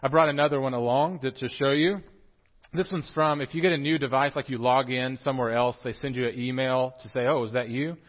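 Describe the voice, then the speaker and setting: A young preacher speaks briskly at medium pitch, the recording's highs cut off. Standing in the sanctuary, he jokes his way through a relaxed sermon, lively and talking straight to his congregation.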